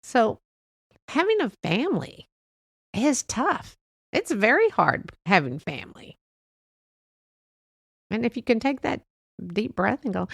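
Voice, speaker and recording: A middle-aged woman hosting a faith-based motivational talk, speaking in a gentle, reassuring and chatty way with soft laughs. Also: a little high, very animated, slow, vocal fry, long pauses, no room sound, clean studio sound. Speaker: podcast host.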